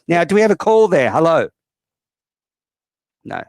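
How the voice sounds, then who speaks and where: A man's voice: on the high side, big pitch swings, unhurried, darkish tone, no echo. A man hosting a call-in show, talking bluntly and profanely with plenty of fillers. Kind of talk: casual call-in chat.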